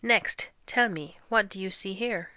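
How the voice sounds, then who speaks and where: A woman's voice: medium pitch, measured pace, sharp tone, no room sound, pitched above the performer's own voice. A woman reading a storybook aloud and voicing a pompous, fussy male lord who insists on his own words for things.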